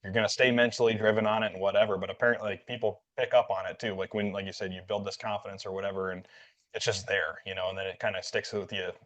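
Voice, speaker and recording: A man's voice: fairly low pitch, flat delivery, fast talker, fairly bright tone. A man hosting a podcast, telling a story in a loose, rambling way full of fillers and acted-out quotes. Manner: rambling, filler-heavy, acts out quoted dialogue. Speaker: podcast host. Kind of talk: casual storytelling chat. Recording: dull lo-fi audio.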